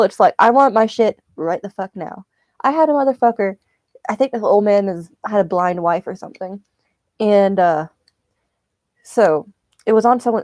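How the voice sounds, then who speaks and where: A woman chats casually as she knits, ranting and swearing freely. Her voice sounds mellow and dark. It is recorded dry and close, with no room sound. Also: fairly low pitch, no echo. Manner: profane, ranting storyteller. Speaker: streamer. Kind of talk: casual chat while knitting.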